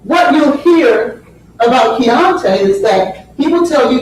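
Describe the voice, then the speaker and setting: Brief: female defense attorney, high voice, unhurried and pointed, heard from across a booming courtroom. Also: expressive, slight background noise. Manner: deliberate, emphatic, repeats phrases for effect. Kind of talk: courtroom opening statement. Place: large courtroom. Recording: very echoey courtroom audio from far off.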